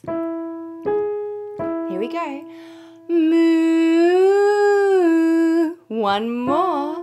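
Encouraging high-voiced woman teaching kids. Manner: gentle, encouraging, sings moo notes. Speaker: children's singing teacher. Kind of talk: children's singing lesson. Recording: piano music behind. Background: piano keyboard.

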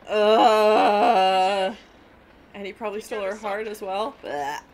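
A woman hosting a casual movie reaction, chatting and exclaiming loudly at scary scenes. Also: medium pitch, quick pace, rough recording. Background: movie soundtrack playing.

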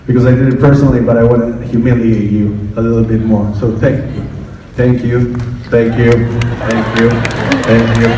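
A man addressing a crowd at a public event, with halting, repeated thanks. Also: mid-range voice, warm tone, slight background noise. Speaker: speaker addressing an audience. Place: large event venue with a crowd. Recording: distant echoey hall with crowd.

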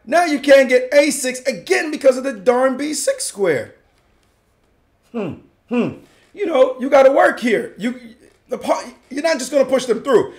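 A male chess commentator breaks down a game in a playful, slangy style and laughs often. His voice sits high and swings widely, full of animated ups and downs.

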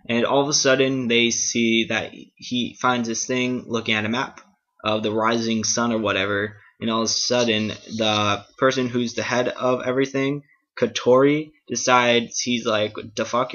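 A man's voice: medium pitch, flat delivery, moderate pace, a bit bright. A man casually recapping an anime episode, rambling and swearing, filling his talk with "like" and "um". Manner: rambling, profane, heavy use of "like" and "um". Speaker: anime reviewer. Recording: dull lo-fi webcam audio.

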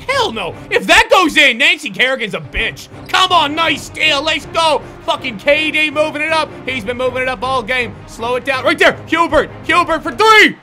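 A young gaming YouTuber with a high, bright voice gives live commentary on his own basketball video game match over soft background music. He speaks animatedly at a moderate pace with few pauses, swinging wildly from low, tense, muttered self-coaching to shrill, profane yelling.

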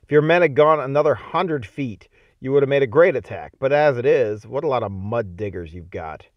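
A man's voice: mid-range voice, expressive, a little fast, no echo, muffled recording, natural voice. A man reading aloud as an angry, sarcastic Union general scolding an officer. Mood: scornful.

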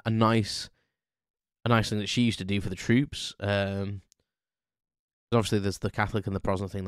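A man's voice: on the low side, no room sound, clean studio sound. A man hosting his own podcast, chatting unscripted in a rambling way with lots of ums and restarts. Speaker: podcast host. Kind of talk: unscripted casual monologue.

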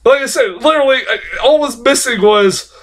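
A man's voice: extremely high pitch, a little fast, a bit bright. A young man giving a casual, rambling film review, swearing often and getting worked up as he talks.

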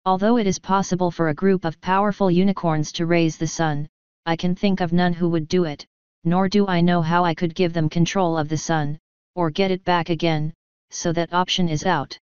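A woman's voice: fairly low pitch, steady tone, darkish tone, clean tone, no echo, natural voice. A woman reading as a regal, thoughtful pony princess. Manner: formal, measured speech. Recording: dull lo-fi dry recording.

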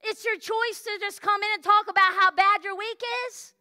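Female pastor, very high bright voice, lively storytelling sermon with shouts and sung lines. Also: normal speed. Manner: animated storytelling sermon, exclamations, sings snippets. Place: church sanctuary.

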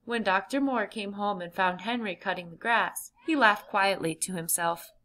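A woman reading a children's chapter book aloud with clear, gentle emphasis. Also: medium pitch, moderate pace. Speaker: audiobook reader. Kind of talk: children's storybook narration.

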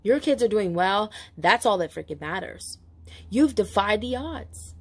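A woman's voice: mid-range voice, expressive, measured pace, breathy edge. Emotional chatty woman tarot reader. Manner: emotional, chatty, swears casually, many asides. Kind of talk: casual spoken tarot reading.

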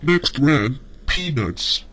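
A man's voice: fairly high pitch, animated, drawn-out words, a bit bright, exaggerated voice. A man voicing a whiny ranting cartoon boy. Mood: complaining. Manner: sneering, complaining rant. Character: boy ranting about web shows, whiny, short-tempered. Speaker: ranting character.

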